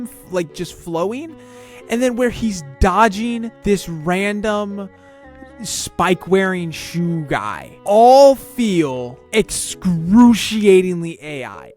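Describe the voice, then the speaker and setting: An online commentator in a casual video, excitable and stammering, firing off rhetorical questions. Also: mid-range voice.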